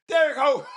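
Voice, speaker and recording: A man with a Houston accent hosting a casual sports talk stream, laughing often and talking straight to his chat. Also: very high voice. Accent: Houston, Texas. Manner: animated, laughing, talks to chat. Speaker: livestream host.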